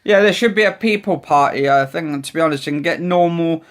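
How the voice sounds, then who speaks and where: A man's voice: a little high, brisk. A man chatting casually in a vlog, rambling with many restarts. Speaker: vlogger. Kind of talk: casual chat.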